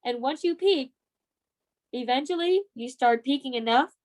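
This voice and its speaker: Young woman, team trainer, slightly high voice, pushy and coaxing, motivational training talk. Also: expressive, moderate pace, darkish tone, poor audio. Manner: emphatic, coaxing, keeps asking "right?". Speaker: team leader and sales trainer.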